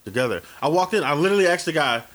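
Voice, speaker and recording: Co-hosting a relaxed podcast conversation, a man in his early forties tells lively stories full of swearing, performing all the dialogue himself. He speaks rapid-fire in a fairly high voice.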